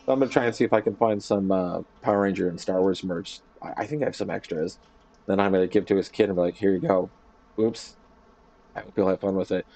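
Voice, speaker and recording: A man streaming from his home office, chatting casually and telling a rambling, animated story with lots of fillers. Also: sits low, quick pace, vocal fry. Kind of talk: casual chat.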